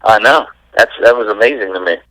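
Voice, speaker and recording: Former pitcher guy on the phone, laid-back, laughs a lot, bright tinny sound, dry. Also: a little fast, dry recording. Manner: laid-back, laughs while telling stories. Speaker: former baseball pitcher, guest. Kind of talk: casual interview storytelling.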